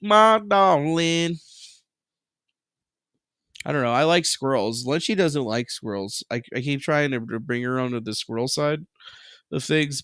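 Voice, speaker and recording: A man's voice: mid-range voice, no room sound. Man, streamer, casual live chat, profane, sarcastic, rambling, dry close sound.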